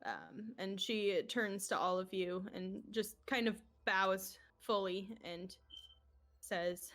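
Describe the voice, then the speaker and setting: A woman's voice: mid-range voice, slow, a bit bright. A woman narrating as game master of a tabletop game, laughing often as she describes scenes and voices characters.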